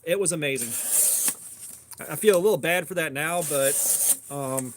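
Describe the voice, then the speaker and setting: A man in his forties from Georgia speaks with a fairly neutral American accent, his voice a little high and his pace normal. He chats casually and rambles loosely, hesitating often and leaning on fillers. There's slight background noise.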